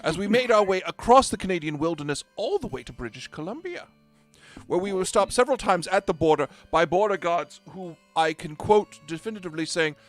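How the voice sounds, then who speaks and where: A man's voice: high voice, lively intonation, fairly quick, soft background music. A man playing a lewd, mock-proper colonial governor in an improvised tall tale. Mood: pompous.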